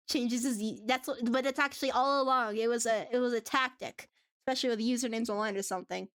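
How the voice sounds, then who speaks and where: A woman streamer chats casually with her audience. She giggles often and rambles with many restarts. Her voice sits a little high, and the close mic sounds dry. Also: fairly even intonation, brisk, fairly bright tone, dry recording. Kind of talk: casual live-stream chat.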